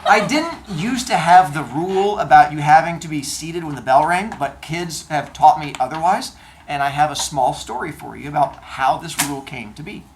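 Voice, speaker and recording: Animated male teacher with a lively voice. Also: on the high side, a little hiss or hum. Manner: animated storyteller, acts out exchanges in comic voices; deadpan comic exaggeration. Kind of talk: classroom talk to students. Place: classroom.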